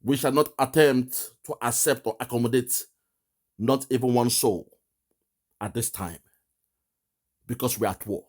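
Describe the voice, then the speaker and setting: A man's voice: mid-range voice, a little slow, long pauses. A man giving impassioned live commentary, emphatic and mocking, often laughing at the person he criticises. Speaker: online political commentator.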